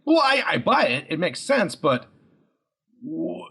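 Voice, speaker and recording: A man's voice: high voice, very animated, a little slow, gravelly, pushed and bright, husky. A man co-hosting a casual podcast chat, musing aloud and stammering as he works through his thoughts. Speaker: podcast co-host.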